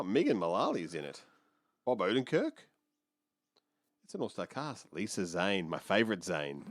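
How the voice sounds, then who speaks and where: Rambling low-voiced man, dry sound. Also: no echo. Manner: rambling, thinks aloud, restarts. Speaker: podcast co-host. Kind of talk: casual chat.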